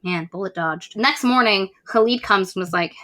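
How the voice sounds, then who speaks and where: A woman's voice: mid-range voice, moderate pace, pushed and bright. A woman co-hosting a book podcast, recapping the plot casually and acting out the characters' lines. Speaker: podcast co-host.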